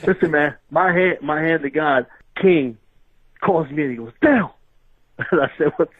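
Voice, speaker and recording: A man with a husky, somewhat high voice tells wrestling stories over a tinny phone line. He talks in an animated way, laughing through his tales. A relaxed interview guest. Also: normal speed. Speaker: former pro wrestler, guest. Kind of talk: casual storytelling interview.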